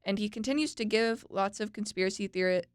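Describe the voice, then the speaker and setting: A woman's voice: medium pitch, fast talker, clear, resonant tone, dry recording, studio quality. A young woman co-hosting a podcast, chatting casually, laughing and tripping over names as she explains a topic. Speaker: podcast co-host.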